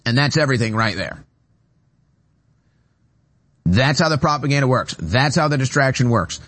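A talk show host with a mid-range, somewhat bright voice broadcasts from a radio studio. He builds an emphatic, repetitive political monologue whose urgency keeps rising.

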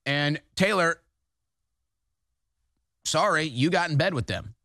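A man's voice: fairly high pitch, expressive, takes it slowly, pushed and bright, dry recording, clean studio sound. A man hosting a political talk show, delivering emphatic, combative commentary.

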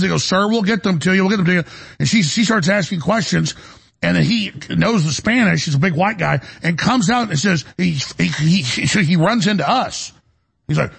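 A man's voice: a little high, a little fast, vocal fry, fairly bright tone, slightly rough. A man hosting a talk show, intense and storytelling as he chats with a guest. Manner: intense, storytelling, acts out quotes. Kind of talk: impassioned talk show banter.

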